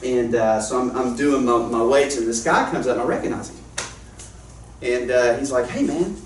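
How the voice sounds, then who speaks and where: A man's voice: medium pitch, normal speed, a little hiss or hum. Rambling self-mocking man, echoey room. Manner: self-deprecating, rambling, laughs at himself. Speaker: guest worship leader teaching a session. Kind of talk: casual storytelling talk. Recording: roomy echo, distant mic, faint ambience.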